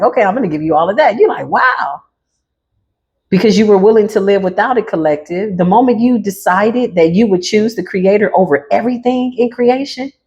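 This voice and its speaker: A woman's voice: mid-range voice, warm tone. A woman giving a casual, playful tarot reading straight to her viewers, laughing often and talking in slang. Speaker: tarot reader.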